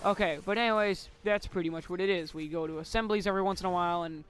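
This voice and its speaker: A man's voice: sits high, quick pace, fairly bright tone, a little hiss or hum. A teenage boy telling a rambling school story in casual chat, giggly and casually swearing. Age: teens.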